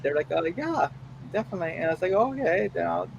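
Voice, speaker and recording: Young man, rambling casual storyteller, slightly raised pitch, faint background hum. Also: animated, quick pace, gravelly, muffled recording. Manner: rambling, hesitant, many restarts. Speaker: stream co-host. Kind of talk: casual chat.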